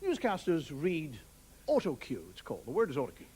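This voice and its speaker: Here a man with a slightly high, husky, somewhat mellow voice does stand-up on TV, talking a little fast with pitch that swoops all over. He's Irish, wry and casually profane, and laughter from the studio audience runs through the broadcast recording.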